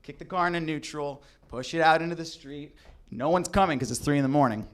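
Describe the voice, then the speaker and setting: A young adult man telling a comedic true story, animated and acting out the people in it. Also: a little high, fairly quick. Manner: animated, acts out voices in quotes.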